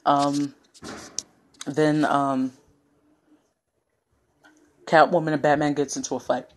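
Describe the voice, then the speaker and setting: A man's voice: on the high side, little pitch movement, slow pace. A man casually retelling a film scene by scene, rambling off on tangents with lots of fillers. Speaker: online video host. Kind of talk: casual movie recap.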